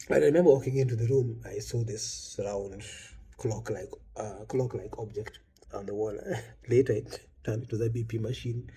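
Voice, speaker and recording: A man speaking as host, telling a personal story in a halting, reflective way, with restarts and small laughs. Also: medium pitch, animated, gravelly, mellow, husky. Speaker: vlog host.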